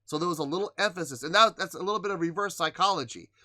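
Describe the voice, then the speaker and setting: Bright-voiced, emphatic male music reactor. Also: sits high, racing, no echo, clean studio sound. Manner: emphatic, playfully defiant, breaks down song details. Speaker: music reaction channel host. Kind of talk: casual music reaction commentary.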